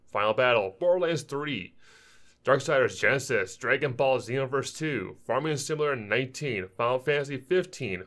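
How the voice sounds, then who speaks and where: Playful podcast guy, mid-pitched, gets excited fast. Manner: excitable, acts out quoted voices. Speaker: podcast co-host. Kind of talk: casual gaming podcast chat.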